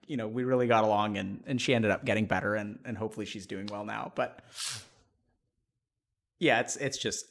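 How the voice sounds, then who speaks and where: A man, a psychiatrist and stream host, telling a story in a casual, animated way, laughing as he swings between loud and quiet. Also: medium pitch.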